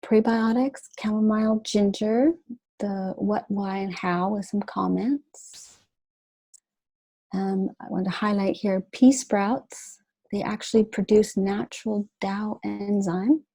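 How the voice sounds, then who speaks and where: A woman's voice: mid-range voice, fairly even intonation, slow, warm tone, dry recording, poor audio. A woman presenting a nutrition webinar lecture, talking informally with fillers and restarts.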